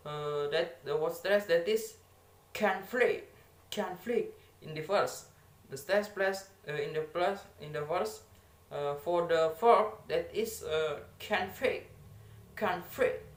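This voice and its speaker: Man, Indonesian accent, slightly high voice, hesitant lesson delivery, faint room hum. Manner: halting, many "uh" fillers, repeats example words. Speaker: student presenter. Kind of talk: reading a lesson on word stress. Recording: echoey room with faint ambience.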